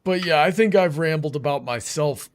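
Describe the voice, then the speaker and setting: A man's voice: a little high, normal speed, a crowd in the background. Rambling man hosting a livestream. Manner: rambling, with many fillers and restarts. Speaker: livestream host. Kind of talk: casual chat.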